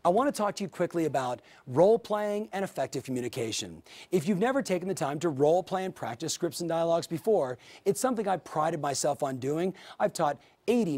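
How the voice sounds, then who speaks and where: A middle-aged man leads a sales training session for real estate agents, speaking with energetic, coaching drive. His voice sits a bit high and swings widely as he acts out sample dialogues with clients. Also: quick pace, hardly any pauses. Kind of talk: training video lecture.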